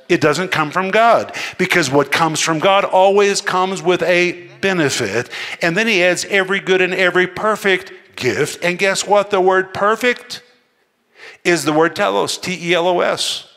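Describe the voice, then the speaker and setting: A man preaching a sermon in an emphatic manner, building to forceful outbursts. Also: high voice, a little slow. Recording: long hall reverb.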